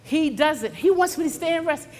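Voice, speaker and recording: A middle-aged woman preacher with a high voice delivers a sermon, calling out to the saints in the congregation. She drops into low, chatty storytelling, then climbs to fervent, shouted exhortation. Her voice rings with a long reverb in a large sanctuary. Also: lively intonation, a little fast. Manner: swings from low conversational talk to fervent shouting.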